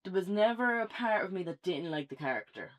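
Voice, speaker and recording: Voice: mid-range voice, lively intonation, a little fast. An Irish speaker co-hosting a casual film review, chatty and rambling with many fillers.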